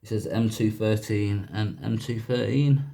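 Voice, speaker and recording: A man's voice: fairly low pitch, fairly even intonation, a little slow, vocal fry, warm tone. A man casually talking through a gadget teardown in a chatty, rambling way, often correcting himself. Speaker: YouTuber doing a gadget teardown.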